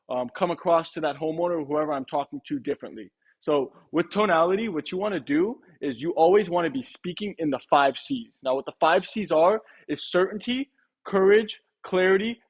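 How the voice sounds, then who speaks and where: A man with a fairly high, husky voice coaches door-to-door sales reps in a direct, casual way. The recording sounds muffled and lo-fi. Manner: direct, coaching, acts out tone examples. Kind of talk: casual sales training talk.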